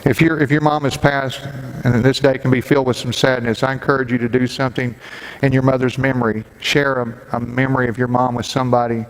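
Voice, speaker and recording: A middle-aged man, a pastor giving a Mother's Day sermon and telling a personal story with gentle humor. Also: mid-range voice, flat delivery, a little fast. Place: church sanctuary. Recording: long hall reverb, faint background noise.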